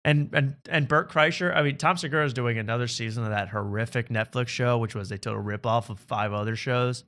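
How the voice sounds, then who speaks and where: Male comedy podcast host, sarcastic and ranty, bright voice. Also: mid-range voice, fairly quick. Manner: sarcastic, ranting. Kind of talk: casual comedy podcast chat.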